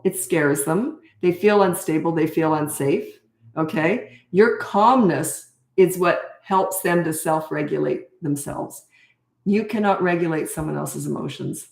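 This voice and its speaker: A woman's voice: deep voice, a little slow, vocal fry. Chatty older woman, blunt and roomy. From Canada. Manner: chatty, blunt, laughs often, loses her thread. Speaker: parenting coach. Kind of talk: casual live Q&A chat.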